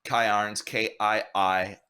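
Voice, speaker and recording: A middle-aged man, a guest artist, telling a story casually, animated and swearing, acting out the voices of people he met. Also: fairly low pitch, unhurried, clear, resonant tone. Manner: animated, swearing, acts out dialogue.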